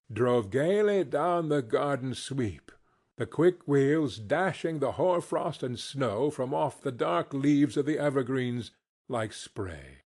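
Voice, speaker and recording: A man narrating a classic novel as an audiobook, reading in an expressive, unhurried way. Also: mid-range voice, breathy edge. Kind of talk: scripted narration.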